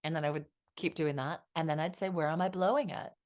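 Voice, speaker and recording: A woman's voice: low voice, fairly even intonation, fast talker. A middle-aged woman, a therapist guest on a podcast, telling stories and acting out the quotes. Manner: warm storytelling with acted quotes. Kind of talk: podcast conversation.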